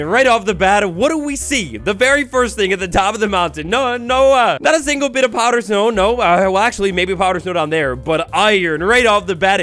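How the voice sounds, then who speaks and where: A young man with a high, very lively voice narrates his gameplay in quick bursts of excitement and theatrical mock outrage. He talks close to the mic, with faint music playing behind him. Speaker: gaming YouTuber. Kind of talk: Minecraft let's play commentary.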